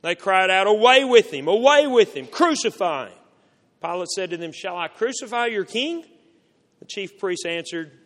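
A man reading scripture aloud in a measured, solemn way. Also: on the high side, fairly bright tone. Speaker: scripture reader. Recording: long hall reverb.

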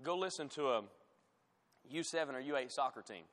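A man preaching a sermon as pastor, rising loud on scripture and dropping to quiet, pointed asides. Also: medium pitch, animated, a little fast. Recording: long hall reverb.

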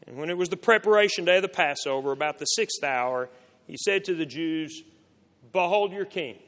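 A man reading scripture aloud in a measured, solemn way. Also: on the high side, fairly bright tone. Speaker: scripture reader. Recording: long hall reverb.

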